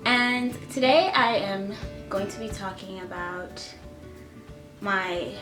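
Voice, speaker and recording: A young woman in her twenties telling a personal story to camera, shaky and close to tears, halting with many fillers. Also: medium pitch, a bit bright, echoey room. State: on the verge of tears. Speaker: vlogger. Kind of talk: emotional storytime vlog. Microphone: camera mic at close range.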